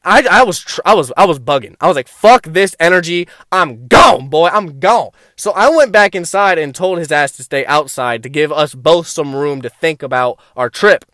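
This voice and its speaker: A young man vlogging a wild story, his voice sitting high for a man. He rambles and swears in an animated rush, and the recording is dry and close with no room sound. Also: dry recording. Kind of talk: casual storytelling to camera.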